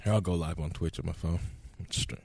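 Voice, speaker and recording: A man's voice: low-pitched, steady tone, gravelly, darkish tone, a little hiss or hum. A man co-hosting a podcast, rambling jokily about tech setups in casual banter. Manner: rambling, jokey, quick tech talk. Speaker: co-host. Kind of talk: casual pre-show banter.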